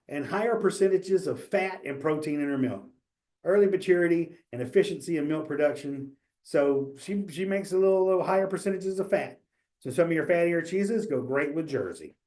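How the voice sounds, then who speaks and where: A man's voice: mid-range voice, darkish tone. A man giving a casual exam prep webinar, talking loosely with fillers, restarts and small jokes. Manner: loose, chatty, joking, many fillers and restarts.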